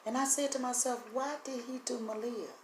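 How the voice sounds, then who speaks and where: A woman vlogger, speaking earnestly and haltingly to the camera, her voice breaking and teary. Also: fairly high pitch, steady tone. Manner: earnest, halting, voice catching with emotion. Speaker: vlogger sharing spiritual impressions. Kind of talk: emotional direct-to-camera talk. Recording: echoey room, faint background hum.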